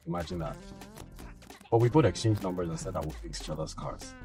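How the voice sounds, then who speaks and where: A chatty man with a Nigerian accent, amused and easygoing on a phone call. His voice sits very low, and faint music plays behind him. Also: sing-song, fairly quick, vocal fry, warm tone, heavily acted. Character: cheerful man telling a story on the phone. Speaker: actor in a film. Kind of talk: film drama acting.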